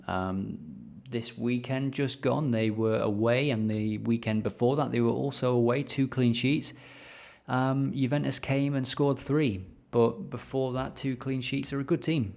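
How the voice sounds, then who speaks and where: A man's voice: lowish voice, a little mellow. A young man casually talking through football betting picks, thinking aloud with fillers as he clicks through data. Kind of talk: casual screen-share analysis.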